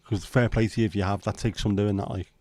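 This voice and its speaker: A man from Liverpool with a Scouse accent hosts a relaxed livestream, swearing and rambling as he banters with viewers. He talks at a quick pace in a fairly low, steady, dark voice.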